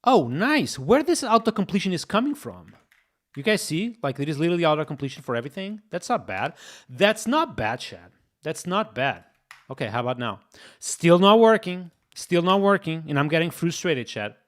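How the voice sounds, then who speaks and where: A young man's slightly high, sing-song voice moves briskly as he codes on a live stream. He chats casually with viewers, thinking aloud and going over the same points again.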